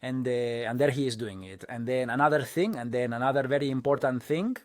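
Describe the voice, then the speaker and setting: Guy ranting about football in a dubbed monologue, mid pitch, lots of uh's and restarts, dry close sound. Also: brisk, a little mellow, no echo. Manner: rambling, full of fillers and restarts, rising to indignant bursts. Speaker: football commentator. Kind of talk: opinion monologue, dubbed into English.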